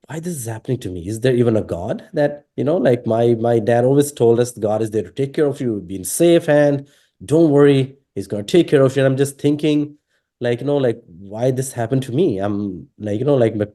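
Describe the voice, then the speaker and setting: A man from Pakistan, telling his personal story in an interview, halting and full of fillers and restarts. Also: medium pitch, mellow. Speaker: interviewee sharing his testimony.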